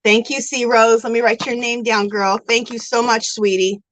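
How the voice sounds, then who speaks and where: Recorded on a phone in low quality with no room sound, the host of a yarn crafting livestream welcomes her viewers and reads out their comments, gushing and chatty and calling them "girl" and "sweetie." Her voice is slightly high, with a steady tone and a moderate pace.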